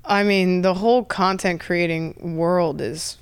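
A woman's voice: fairly low pitch, fairly even intonation, a little slow, smooth. An American woman chatting casually as a podcast guest, laid-back, swearing freely and trailing off mid-thought. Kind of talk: casual chat.

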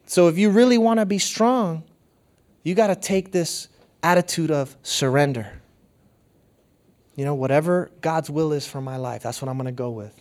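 Middle-aged guy preaching, kinda high voice, earnest, goes quiet for the stories. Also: moderate pace. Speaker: pastor. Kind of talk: sermon.

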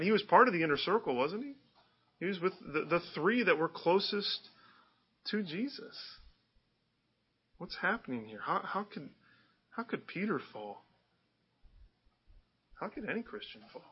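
Man, pastor, conversational sermon, rhetorical questions, slightly high voice, muffled lo-fi sound. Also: slightly rough.

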